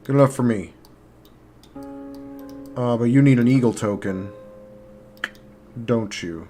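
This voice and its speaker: A man narrating as game master in a live-streamed tabletop game, pausing and restarting while he works his game tools. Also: medium pitch, dark tone. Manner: halting, pauses while working the game tools. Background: faint guitar music.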